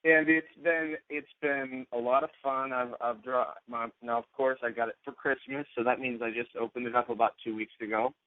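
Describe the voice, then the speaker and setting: A man's voice: mid-range voice, fairly even intonation, a little fast, hardly any pauses, dry recording. A man co-hosting a podcast, chatting casually and often breaking off mid-sentence. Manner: rambling, self-interrupting. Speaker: podcast co-host. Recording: tinny phone-like sound.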